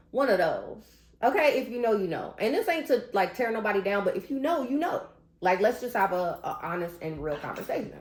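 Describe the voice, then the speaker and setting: A woman's voice: medium pitch, big pitch swings, a little fast. A grown woman talking straight to her viewers, venting in emphatic casual commentary. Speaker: vlogger. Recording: roomy echo.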